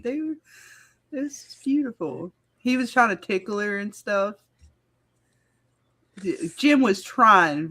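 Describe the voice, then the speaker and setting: A woman co-hosting a casual live chat, giggly and teasing, with drawn-out exclamations. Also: medium pitch, a bit bright, breathy edge. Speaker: co-host.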